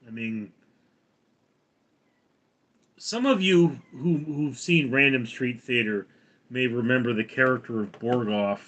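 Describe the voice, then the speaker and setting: A man hosting a casual livestream, rambling with halting restarts. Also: mid-range voice, a bit bright. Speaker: livestream host.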